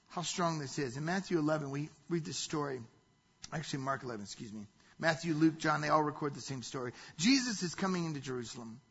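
A man's voice: a little high, sharp tone, husky, muffled recording. A man preaching a sermon, telling a scripture story and building to emphatic bursts. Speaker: pastor.

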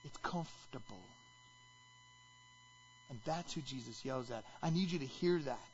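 A man preaching a sermon as pastor, animated and rising to shouts when he acts out quotes. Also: mid-range voice, unhurried, muffled recording, slight background noise.

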